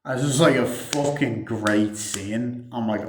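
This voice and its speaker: A man's voice: mid-range voice, unhurried, slight background noise. A man giving a casual, rambling movie review, swearing freely and filling his talk with "like" and "um". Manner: rambling, heavy swearing, many fillers. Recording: roomy echo.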